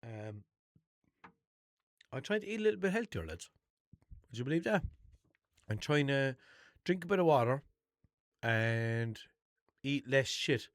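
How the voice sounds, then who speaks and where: Casting note: young Limerick Irish man, mid-pitched, chatty and sweary, unscripted podcast monologue, dry close sound. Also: lively intonation, measured pace, pauses often, no room sound. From Ireland. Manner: chatty, swears a lot, rambling storytelling with restarts. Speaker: podcast host.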